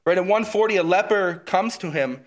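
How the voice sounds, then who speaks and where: A man's voice: sits high, a little fast. A man teaching through a book of scripture in a conversational way, eager and often checking in with his listeners. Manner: enthusiastic, often checks in with "right?". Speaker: Bible teacher.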